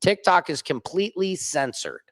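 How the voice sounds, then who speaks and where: A man who hosts his own news vlog, ranting casually and fast from a rooftop with lots of restarts and asides. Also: high-pitched, animated, fairly bright tone, no echo. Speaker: independent journalist and vlog host. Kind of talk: casual on-camera rant.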